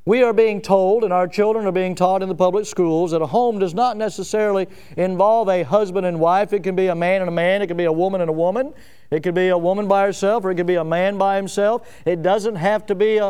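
A pastor preaching a sermon to his congregation in church. He repeats key phrases and swings from loud, forceful peaks down to low, quiet lines. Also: clean tone.

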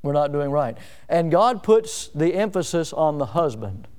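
In church, a pastor delivers a sermon to his congregation, very animated yet at a measured pace. He repeats key phrases, rising to loud, forceful peaks and then dropping to low, quiet lines.

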